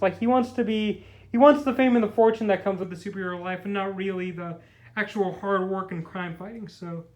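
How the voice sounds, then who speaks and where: A man's voice: high-pitched, poor audio. A man giving a casual comic book review, rambling and full of fillers as he retells the scenes and paraphrases what the characters say. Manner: rambling, filler-heavy, paraphrases the dialogue loosely.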